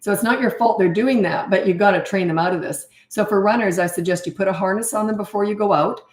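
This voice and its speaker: A woman's voice: medium pitch, fast talker. Blunt middle-aged woman, parenting coach. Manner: blunt, acts out quoted dialogue. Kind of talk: casual advice talk. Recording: echoey room.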